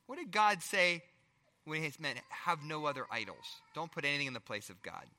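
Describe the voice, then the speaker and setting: A middle-aged male pastor preaching a sermon, firing rhetorical questions and swinging between loud emphasis and hushed asides. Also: a little high, big pitch swings, moderate pace, big-room sound.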